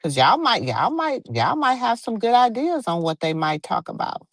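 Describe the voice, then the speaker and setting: Middle-aged woman, casual late-night chat, animated storyteller, dry close mic. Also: a little high, normal speed, no echo. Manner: animated storyteller, acts out quotes.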